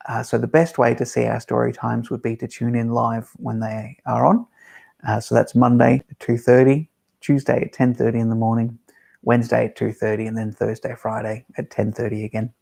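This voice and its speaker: A man working as a children's librarian, gently reading picture books aloud on a live-streamed storytime. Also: mid-range voice, creaky. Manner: gentle, unhurried, talking to small children.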